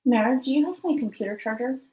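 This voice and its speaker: A woman's voice: fairly high pitch, quick pace, slightly rough, narrow, tinny audio. A woman co-hosting a casual live stream, chatty and apologizing to viewers while they wait. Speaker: co-host.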